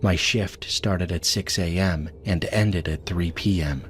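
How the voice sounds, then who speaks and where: A man narrating a scripted horror story in a measured, steady way. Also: sits low, a little hiss or hum. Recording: voice-over with music behind.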